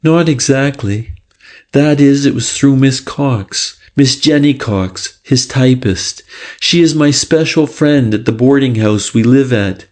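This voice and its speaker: A man's voice: medium pitch, slow, darkish tone, pitched above the performer's own voice, lightly acted. A man reading aloud, voicing a nervous young woman with a Lancashire accent who speaks anxiously and pleadingly. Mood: fearful.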